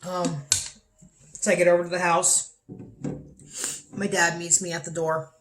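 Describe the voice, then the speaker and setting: A woman's voice: fairly low pitch, level tone, measured pace, fairly bright tone, a little hiss or hum. A young adult woman vlogging a personal story, candid and swearing freely, her voice rising when she gets upset. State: dry mouth. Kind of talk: personal vlog, emotional storytelling.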